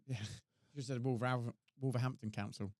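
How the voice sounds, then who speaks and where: A man's voice: medium pitch, fairly even intonation, normal speed, a little mellow, dry recording, clean studio sound. A British man hosting a podcast about military life, chatting casually and laughing easily. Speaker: podcast host, ex-serviceman. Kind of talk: casual banter, prank calling.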